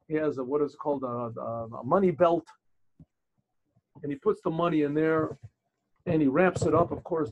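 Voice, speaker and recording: A man, a rabbi, tells a story on a video call, halting often and repeating his phrases. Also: a little high, a little mellow, lo-fi sound, a little hiss or hum.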